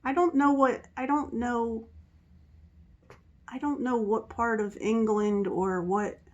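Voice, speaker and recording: A woman's voice: on the high side, fairly even intonation, takes it slowly, dull audio. A middle-aged woman from the Philadelphia area, with a mixed Philadelphia and Southern US accent, chatting in a rambling way in her vlog and laughing at herself. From Philadelphia area, USA. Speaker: vlogger. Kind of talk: casual chat.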